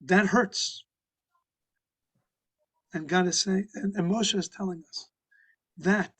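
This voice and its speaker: A male rabbi delivering a sermon as a conversational story, halting with frequent restarts and fillers. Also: high voice, fairly bright tone, slightly rough, low-quality recording. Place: synagogue.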